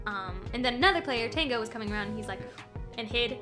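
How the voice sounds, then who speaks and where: A woman's voice: a little high, lively intonation, fast talker, over music. A woman streamer chatting casually as she recaps a game series, rambling with lots of ums and small laughs. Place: home streaming setup.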